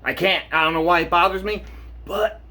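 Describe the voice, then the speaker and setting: A man's voice: high-pitched, level tone, fast, pushed and bright. A man in his late thirties giving a rambling, profane monologue for his vlog, talking himself into a worked-up state in his shower. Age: 30s. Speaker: vlogger. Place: home shower.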